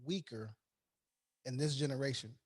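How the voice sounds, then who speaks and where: A man's voice: medium pitch, moderate pace, slightly rough. A man from Chicago co-hosting a podcast, talking casually with stammered restarts and profanity, often tossing questions back to the group. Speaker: podcast co-host. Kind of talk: casual chat.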